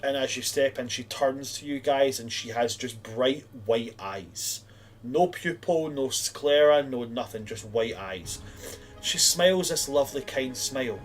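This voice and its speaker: A man narrating and running a tabletop fantasy game as game master, rambling casually with lots of fillers. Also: medium pitch.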